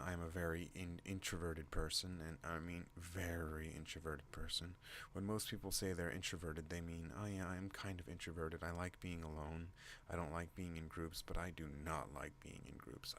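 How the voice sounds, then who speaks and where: Man, very deep voice, rambling ASMR host, goes off on tangents, faint hiss behind. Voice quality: deep relaxed voice. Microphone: non-binaural desk microphone.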